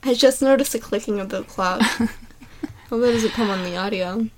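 A woman's voice: fairly high pitch, normal speed. A woman co-hosting a podcast, chatting casually and teasing her friend with lots of laughter. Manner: giggly, teasing. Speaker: podcast co-host. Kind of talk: casual chat. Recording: audible background noise, ticking clock.

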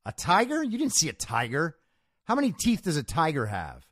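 A smug know-it-all man, as a man puts him on, sneering and condescending as he picks at details. The voice jumps up high and swings about, and the sound is close and dry. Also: huge pitch swings, normal speed, fairly bright tone, dry recording, heavily acted. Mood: scoffing.

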